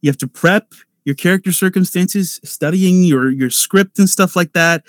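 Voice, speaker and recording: A man's voice: high-pitched, moderate pace, no echo, studio quality. A man who is a voice actor giving casual advice on a convention panel, rambling with lots of fillers and restarts. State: nervous at first panel.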